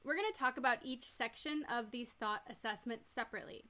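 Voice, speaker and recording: Female nurse educator, somewhat high and bright voice, plain step-by-step lecturing. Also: brisk. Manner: clear, step-by-step explaining with everyday examples. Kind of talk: recorded teaching lecture.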